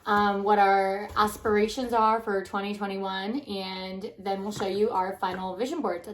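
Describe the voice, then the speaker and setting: A young woman in her twenties co-hosting a casual chat channel, speaking in an even tone she calls monotone. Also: mid-range voice, rough recording. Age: 20s. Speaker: co-host.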